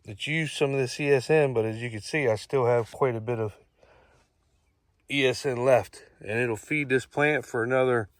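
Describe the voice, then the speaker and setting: A middle-aged farmer with an Eastern Shore accent talks his way through a cornfield, plain-spoken and repetitive, circling back to the same point. His voice sits at an ordinary pitch, recorded outdoors with a dry sound and no room echo. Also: normal speed. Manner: plain-spoken, repeats himself, explains while walking. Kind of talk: casual vlog walkthrough.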